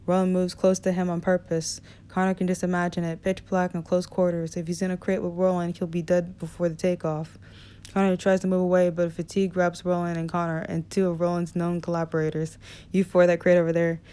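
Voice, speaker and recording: A woman narrating an audiobook in a relaxed reading style, with small slips and restarts. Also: fairly low pitch, a little fast, clean tone. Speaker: audiobook reader.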